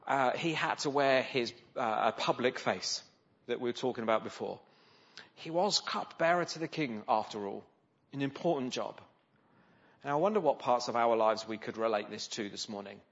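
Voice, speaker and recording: A man preaches a sermon conversationally, frequently posing rhetorical questions to his listeners. His mid-range voice is a bit bright and moves at a normal speed, captured on a slightly dull, lo-fi recording.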